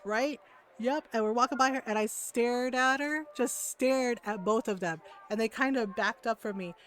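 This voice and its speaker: A woman's voice: fairly high pitch, normal speed. A woman streamer chatting casually with viewers, telling a story with energy, laughing often and checking in with "right?". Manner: animated storyteller, keeps asking "right?".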